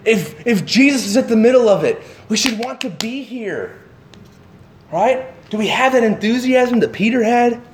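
A man giving a sermon, animated and full of questions to his listeners, acting out the voices of the people in his story. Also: very high voice, moderate pace, reverberant, slight background noise. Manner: animated, acts out voices of the disciples; asks the listeners many questions. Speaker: pastor.

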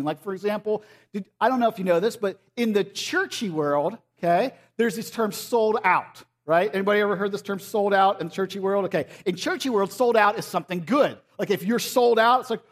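A man with a high voice preaching a relaxed, chatty sermon. He talks to the congregation like friends and often slips into playful impressions of the people he quotes. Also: brisk. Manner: casual and conversational, often acting out quoted voices. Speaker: pastor.

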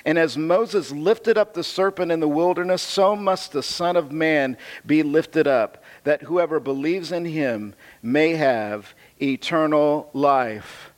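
A man delivers a sermon from the pulpit. His voice sits a bit high for a man. He moves between reading scripture aloud and explaining it in a chatty way, restating phrases to drive his point home. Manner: conversational preaching with scripture reading, repeats himself for emphasis. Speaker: pastor.

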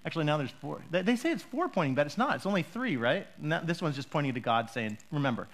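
A man's voice: a little high, sing-song, quick pace. A pastor preaching to his congregation, conversational and joking at times, rising to emphatic calls when he makes a point. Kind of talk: sermon.

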